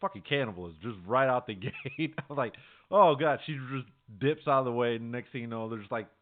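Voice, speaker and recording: A man's voice: medium pitch, fairly quick, a little hiss or hum. A man co-hosting a podcast, talking in a laid-back, rambling way and laughing often. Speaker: podcast co-host. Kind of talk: casual chat. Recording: tinny phone-like audio.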